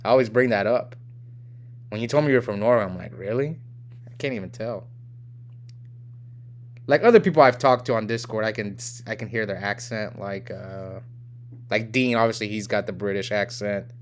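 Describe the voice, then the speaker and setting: A man's voice: lowish voice, fairly quick, slight background noise. A young man from the United States hosting a live game stream, chatting casually and reading viewer comments aloud in a rambling way. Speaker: livestream host.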